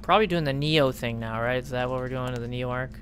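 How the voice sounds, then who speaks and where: A let's play commentator offers casual gaming commentary at a quick pace, sounding sarcastic, swearing freely and yelling at the game's characters. The voice is medium-pitched, with slight background noise in the recording.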